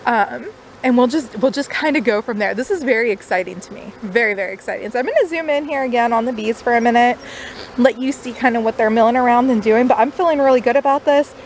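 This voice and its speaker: A chatty woman talks through her beekeeping on a camera mic outdoors. Her voice sits a little high, with lots of easy fillers. Faint insect buzzing and outdoor noise run behind her. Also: fast talker. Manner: chatty, upbeat, uses many fillers. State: out of breath. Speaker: new beekeeper. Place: outdoors by beehives.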